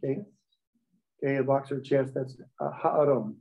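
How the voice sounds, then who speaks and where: A man's voice: mid-range voice, steady tone, moderate pace, gravelly. A man teaching a Hebrew class, explaining step by step and checking in with the students. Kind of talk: classroom lecture. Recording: dull lo-fi recording.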